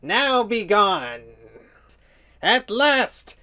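A man's voice: sits high, very animated, drawn-out words, sharp tone, pitched above the performer's own voice, exaggerated voice. Skeletor, a man doing a gloating villain. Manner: theatrical, gloating, cackling. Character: sinister hissing male skeleton villain.

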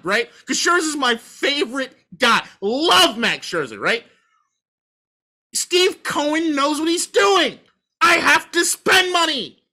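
A man's voice: extremely high pitch, sharp tone. Heated, swearing man ranting about sports. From Washington, D.C. area. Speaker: podcast co-host. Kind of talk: casual sports talk.

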